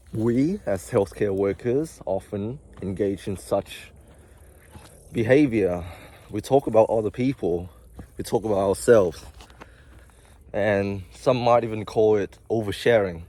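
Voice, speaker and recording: A man's voice: lowish voice, measured pace, mellow. Breathless, rambling young man vlogging. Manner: rambling, confessional, chatty with asides. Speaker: vlogger, healthcare worker. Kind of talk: casual talking-to-camera vlog.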